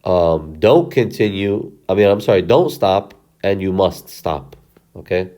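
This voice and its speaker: A man's voice: low voice, expressive, measured pace, mellow. A man teaching how to read and recite the Quran, explaining the stop symbols patiently step by step and often checking in with "okay?". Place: recorded lesson video.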